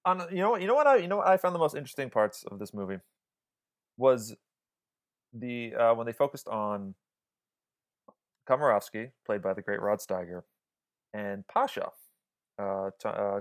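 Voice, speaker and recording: This is a man co-hosting a film podcast in a loose, rambling chat. His voice sits at an ordinary middle pitch. He trips over his words, restarts often, and swears freely when he gets excited. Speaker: podcast co-host. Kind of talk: casual film review chat.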